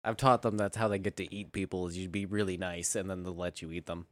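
A man's voice: low voice, steady tone, fast talker, no room sound. A man co-hosting a casual podcast, making crude jokes and teasing the others. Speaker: podcast co-host.

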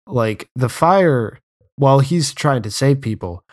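A man co-hosting a podcast, recapping a film's plot in a relaxed, casual way with fillers and dry remarks. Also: mid-range voice, slow. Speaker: podcast co-host. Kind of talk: casual film discussion chat.

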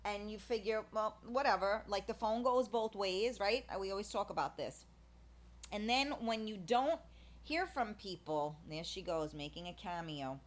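A woman's voice: mid-range voice, expressive, moderate pace. A woman talking in a casual, rambling monologue, full of fillers and restarts, blunt and candid. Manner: candid, blunt, swears in passing.

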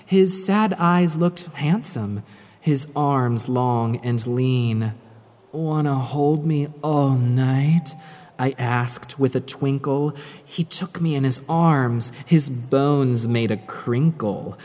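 Woman storyteller, very slow and sing-song, heard with a long hall-like reverb. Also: a bass voice, darkish tone. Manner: dramatic, sing-song rhyming delivery. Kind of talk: rhyming spooky story reading.

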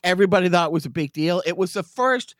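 A man's voice: high-pitched, animated, quick pace, fairly bright tone, dry recording, clean studio sound. A man in his forties co-hosting a podcast in casual chat, rambling with frequent laughs and restarts. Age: 40s. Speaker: podcast co-host.

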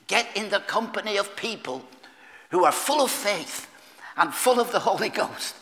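A male pastor preaching a sermon in a church, often clearing his throat between phrases. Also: sits high, animated, normal speed, bright, forceful tone, long reverb tail.

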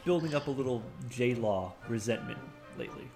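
A man's voice: mid-range voice, animated, moderate pace, music in the background. A man from South Florida co-hosting a podcast, ranting with heavy profanity in crude comedic banter. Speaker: podcast co-host.

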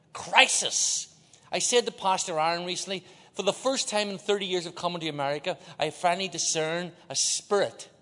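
An older man from Northern Ireland with a Belfast accent, preaching a sermon as a visiting preacher. He swings from loud exhortation to hushed confession, with joking asides. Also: high-pitched. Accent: Northern Irish, Belfast. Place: large church auditorium. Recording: long hall reverb in a big church.

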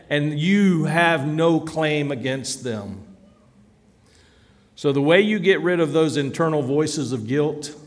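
A man's voice: mid-range voice, big-room sound. A man preaching a sermon as pastor, earnest and rising to emphatic declarations.

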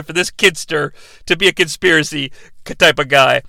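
A man's voice: on the high side, lively intonation, normal speed, gravelly, sharp tone, dry recording. A man hosting a podcast, recapping an episode with sarcastic, profane asides. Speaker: podcast host.

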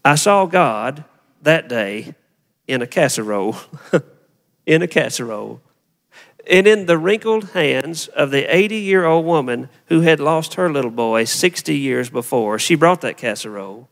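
A man's voice: on the high side, expressive, a little slow, big-room sound. A man preaching a sermon as a pastor, talking to the congregation in an easy, conversational way and often asking them questions.

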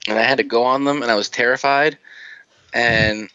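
Bright-voiced man in casual chat. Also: mid-range voice, fairly even intonation, normal speed, no room sound, muffled recording. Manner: rambling and swearing, with frequent laughs.

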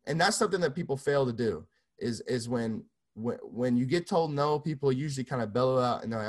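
A man's voice: mid-range voice, animated, fairly quick, hardly any pauses. A young man, a music producer, telling his story casually in an interview, loose and profane with many restarts.

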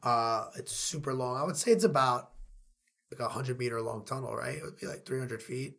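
A man from Queens with a New York accent, an excitable podcast co-host who rambles and repeats himself in casual chat. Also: mid-range voice, fairly quick, vocal fry.

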